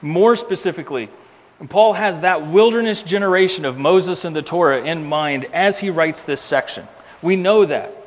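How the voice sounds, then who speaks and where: A man preaching a sermon emphatically, repeating key words and slowing down for effect. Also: fairly high pitch, long reverb tail. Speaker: pastor.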